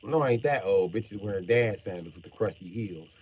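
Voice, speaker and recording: A middle-aged man ranting bluntly and profanely on a live stream, jumping from mutters to sudden shouts while joking around. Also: on the low side, animated, brisk, slightly rough, rough recording. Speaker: livestreamer.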